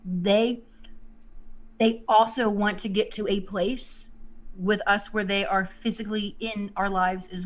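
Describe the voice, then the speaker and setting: A woman's voice: medium pitch, fairly bright tone. A woman, a psychic medium, talking casually and rambling, with many "you know"s. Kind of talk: casual spiritual talk.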